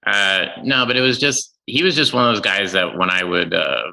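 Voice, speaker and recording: Middle-aged male comic guest with a lively, bouncing delivery and a rambling storytelling style. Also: lowish voice, normal speed, gravelly, rough recording. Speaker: comedian guest. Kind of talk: casual chat.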